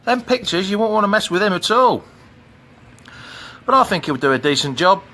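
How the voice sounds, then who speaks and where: In a sing-song, sharp-toned high voice at a moderate pace, a middle-aged fan channel host with an English Midlands accent chats on a live stream. He's in an outdoor pool, filming on his phone camera and greeting viewers by name.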